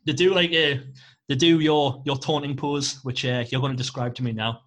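A man's voice: mid-range voice, fairly even intonation, moderate pace, fairly bright tone. A man narrating a tabletop game as game master, rambling with lots of fillers. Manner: rambling, filler-heavy storytelling.

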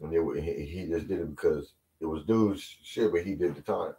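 Deep-voiced laid-back podcast host. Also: male voice, moderate pace, mellow. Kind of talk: casual podcast chat.

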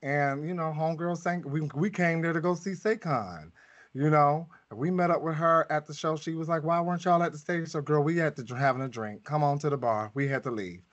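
A man co-hosting a casual podcast review of a musical, candid and animated, with frequent fillers and laughter. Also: a little high, brisk, highs cut off. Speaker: podcast co-host. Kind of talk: casual theater review chat.

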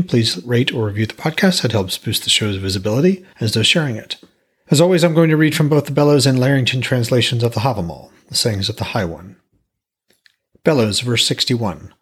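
A man hosting a podcast, calmly reading his own novel aloud as a narrator. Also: medium pitch, slightly rough. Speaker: podcast host and author.

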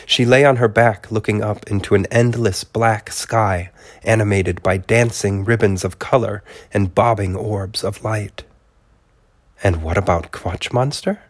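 A man with a cold, hosting a podcast from a home studio and reading a storybook chapter aloud in a relaxed way. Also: lowish voice. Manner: relaxed, with fillers and soft laughs. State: has a cold. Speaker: podcast host and narrator. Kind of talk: casual appeal and storybook narration.

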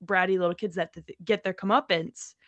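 A woman's voice: lowish voice, steady tone, brisk, fairly bright tone, dry recording. Chatty woman co-hosting a film podcast. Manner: chatty, laughing, uses "like" a lot. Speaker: podcast co-host. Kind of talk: casual film discussion.

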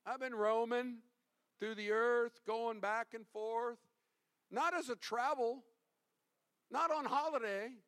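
A man's voice: very high voice, steady tone, takes it slowly, long pauses, fairly bright tone, clean tone, voice pushed up, heavily acted. A man voicing Satan as an evasive, offhand male fallen angel. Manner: vague, offhand.

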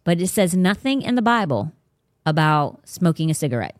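A woman's voice: fairly low pitch, very animated, normal speed, dry recording, clean studio sound. A woman hosting a faith podcast, talking casually but bluntly and emphatically. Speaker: podcast host.

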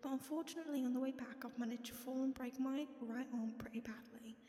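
A woman's voice: high-pitched, fairly even intonation, fast, mellow, reverberant, big-room sound, natural voice. A woman reading a young male pop singer's tweet aloud in a put-on, hammy British accent. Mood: mock-earnest. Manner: hammy, self-mocking. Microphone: phone.

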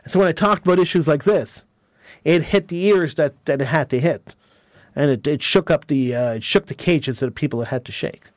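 A man's voice: on the high side, a little fast, no room sound. A man hosting a talk radio show, delivering an emphatic, indignant monologue and often repeating his words.

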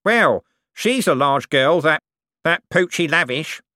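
A scruffy, sly little corporal in an audiobook, whiny and cheeky, pitched well up with a bouncy lilt, as a male narrator puts him on. Close, dry sound. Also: lively intonation, slow, bright, forceful tone, no echo, exaggerated voice.

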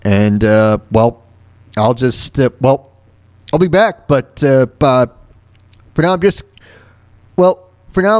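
A man's voice: medium pitch, loud music behind the voice. Emotional guy on his radio show, stammering thank-yous, lots of uh and restarts, normal mid voice. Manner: halting, stammering, full of fillers and restarts. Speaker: internet radio host. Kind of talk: heartfelt on-air thank-you.

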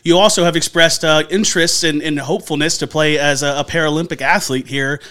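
Quick-talking, higher-voiced male host. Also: fairly even intonation, sharp tone. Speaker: podcast host. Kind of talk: casual interview chat.

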